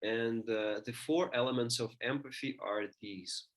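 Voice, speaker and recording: Man, lecturer, halting delivery, frequent restarts, middle-pitched voice. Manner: thinking aloud, many restarts and fillers. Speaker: teacher.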